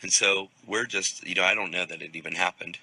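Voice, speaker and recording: Man, very bright tense tone, phone-recorded storytelling, repeats himself. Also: deep voice, fairly even intonation, a little fast, creaky, husky, rough recording. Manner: rambling, repeats words and restarts. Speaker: preacher. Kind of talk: casual storytelling testimony. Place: outdoors at a crowded event. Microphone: phone video.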